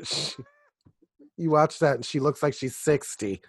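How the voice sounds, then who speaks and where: A man's voice: fairly high pitch, measured pace, noisy background. A man co-hosting a podcast, trading wry, sarcastic remarks in casual banter and swearing freely. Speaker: podcast co-host.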